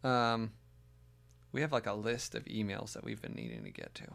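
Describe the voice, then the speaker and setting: A man's voice: fairly low pitch, wildly swooping pitch, moderate pace, creaky, fairly bright tone. A man hosting a podcast in casual chat, giggly and often restarting his sentences. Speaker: podcast host.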